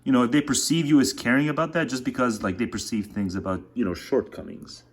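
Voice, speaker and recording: A man's voice: medium pitch, quick pace, husky. A man vlogging in a casual, meandering way, full of filler words, talking while making dinner. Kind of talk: casual rambling monologue.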